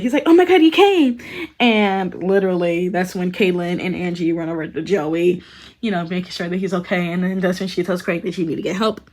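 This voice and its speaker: A young woman casually recapping a TV series, talking loosely with lots of fillers and laughing as she mock-quotes the characters. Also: lowish voice. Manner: chatty, frequent "like" and "um", bursts of laughter, mock-quoting characters. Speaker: commentary video host.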